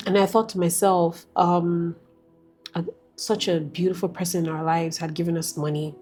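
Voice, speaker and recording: A woman sharing a personal faith testimony as a guest, telling it in an emphatic, lively way. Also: on the low side, quick pace, soft background music.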